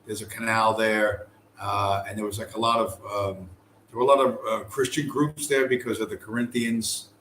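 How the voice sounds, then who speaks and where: A man's voice: on the low side, steady tone, moderate pace, fairly bright tone, roomy sound, a little hiss or hum. A man vlogging to camera in a loose, rambling way, swearing often and full of fillers and restarts. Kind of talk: casual travel chat to camera. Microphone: camera mic.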